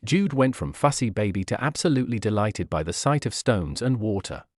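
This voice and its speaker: A man narrating fan fiction as an audiobook in a steady, even reading. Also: fairly low pitch, a little fast, dry recording, studio quality.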